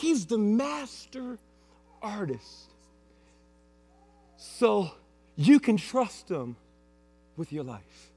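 Male pastor, high voice, measured emphatic sermon, humming hall sound. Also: sing-song, mellow, husky, soft background music. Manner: emphatic, repetitive preaching with playful asides. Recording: long hall reverb with mains hum.

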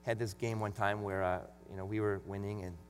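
A man's voice: lowish voice, level tone, brisk, soft background music. Man preaching in an echoing hall. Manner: earnest, conversational preaching with rising emphasis when reading scripture. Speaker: pastor. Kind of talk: sermon. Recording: long hall reverb with faint mains hum.

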